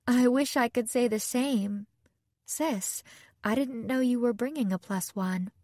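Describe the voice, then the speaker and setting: A woman's voice: on the high side, unhurried, a little mellow, dry recording, studio quality, voice pushed up. A woman voicing a tired, anxious young bride who speaks hesitantly. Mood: weary.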